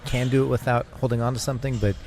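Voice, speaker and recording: An Australian man co-hosting a casual radio tech chat, explaining things at length with hesitant pauses. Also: medium pitch, steady tone, darkish tone. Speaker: co-host. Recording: radio podcast with faint background noise.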